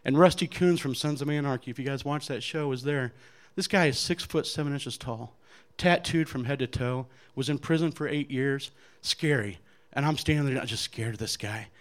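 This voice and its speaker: A man giving an earnest personal faith testimony to an audience, animated as he acts out other people's lines, with frequent restarts. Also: medium pitch, normal speed, few pauses. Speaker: guest speaker giving testimony.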